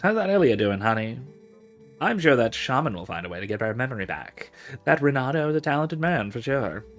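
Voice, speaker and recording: A man's voice: medium pitch, big pitch swings, brisk, a bit bright, soft background music, pitched above the performer's own voice. A man reading the lines of a motherly middle-aged woman who keeps a tavern in a video game, affectionate and calling everyone honey.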